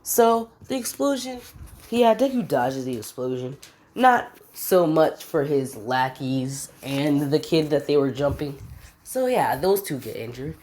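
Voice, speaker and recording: A woman with a low voice narrates a fan story in an offhand, slangy ramble. Her pitch climbs and drops a lot as she talks, as if making it up while she goes. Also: animated, measured pace, a little mellow.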